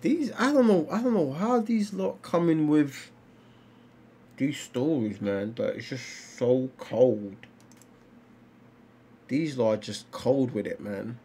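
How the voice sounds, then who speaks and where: Animated streamer, lively voice. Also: male voice, medium pitch, takes it slowly, long pauses, slight background noise. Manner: animated, exclaiming and laughing while reacting. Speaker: livestreamer reading comics. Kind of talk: casual live-stream commentary.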